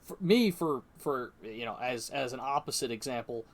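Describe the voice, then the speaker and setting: A man's voice: mid-range voice, lively intonation, normal speed. A man with a Midwestern US accent in casual podcast chat, rambling with fillers and swearing freely. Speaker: podcast co-host.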